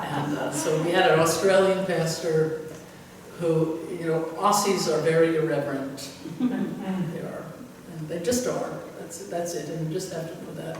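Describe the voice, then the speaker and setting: Speaking unhurriedly in a low, steady voice, an older woman pastor recounts church anecdotes in casual conversation, meandering, chuckling and filling gaps with fillers. It's a distant recording in an echoey church hall with faint noise underneath.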